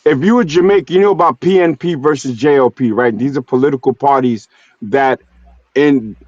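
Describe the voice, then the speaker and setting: A man's voice: medium pitch, a little fast, a little mellow, dry recording. A man from New York City hosting a casual streamed talk, telling stories in loose slang and often adding "you know what I'm saying.". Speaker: stream host. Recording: dull, dry streamed audio.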